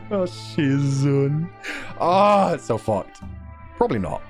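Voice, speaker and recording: A man reading a novel aloud on stream and reacting to it in a giggly, profane, excitable way. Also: fairly high pitch, slow pace, long pauses. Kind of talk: casual stream commentary and read-aloud. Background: faint music.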